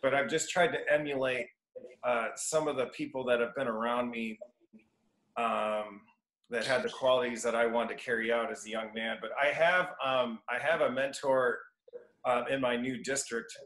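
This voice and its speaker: A man's voice: medium pitch, fairly even intonation, moderate pace, fairly bright tone. A man in his fifties from Iowa, a guest educator telling casual stories, restarting sentences and acting out what people said. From Iowa, United States. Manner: rambling anecdotes, restarts sentences, acts out quoted voices. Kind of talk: casual storytelling interview. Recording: roomy echo.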